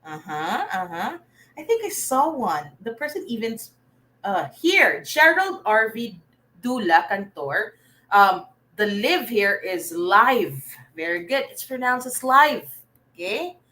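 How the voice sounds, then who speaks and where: A woman's voice: mid-range voice, sing-song, slow, bright, forceful tone, poor audio. A woman teacher, teaching a live online reading lesson and praising students by name.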